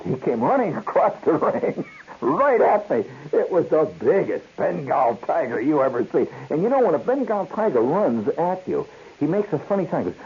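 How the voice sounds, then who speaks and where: A man hosting a radio show, telling a story in an animated way, acting out voices and sounds and laughing often. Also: a little high, normal speed, breathy edge. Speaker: radio host. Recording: dull lo-fi 1970s radio broadcast with hiss.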